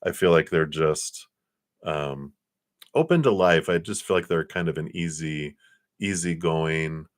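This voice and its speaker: Man, deep voice, tarot reader, live stream, gentle, rambling, reassuring. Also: unhurried. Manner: gentle, rambling, reassuring, with many fillers and restarts.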